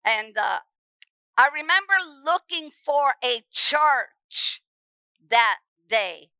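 A middle-aged woman preacher telling her testimony with emphasis, often repeating words and rising to shouts at the dramatic moments. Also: sits high, expressive, drawn-out words, clear, resonant tone, no echo, poor audio. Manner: repeats words when stirred. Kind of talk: testimony sermon.

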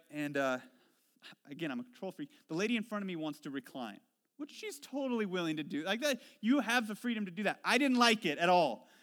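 A man with a slightly high voice preaches a sermon to his congregation. He tells stories about himself with a self-deprecating, conversational touch. He drops low and soft for his reflective points and gets animated when he retells his frustrations. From Washington State. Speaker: pastor.

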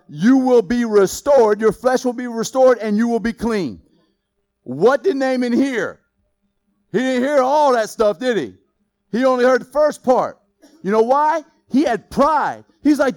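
A man preaching a sermon in a lively, joking way, quizzing the congregation with questions. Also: very high-pitched. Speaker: pastor.

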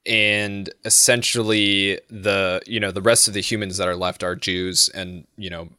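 A man's voice: deep voice, flat delivery, measured pace, pushed and bright, smooth, no echo, clean studio sound. A man chatting casually on a podcast, telling stories in a rambling, profane way with lots of fillers. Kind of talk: casual chat.

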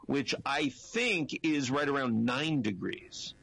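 A man's voice: medium pitch, lively intonation, takes it slowly, gravelly, fairly bright tone, breathy edge, no echo, rough recording. A man giving the weather on a radio chat show in an easygoing, hesitant way. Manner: hesitant, easygoing, full of fillers. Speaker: weather contributor.

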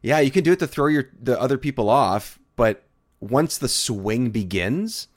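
A man guesting on a gaming podcast chats in an easygoing way, laughing readily and restarting often. His mid-range voice is animated and at a normal speed.

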